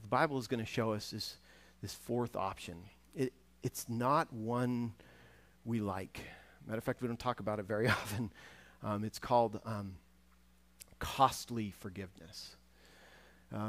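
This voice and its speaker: A man's voice: mid-range voice, no room sound. A man, a guest preacher in a church, giving a conversational sermon with frequent restarts and acted-out voices from a parable. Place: church sanctuary.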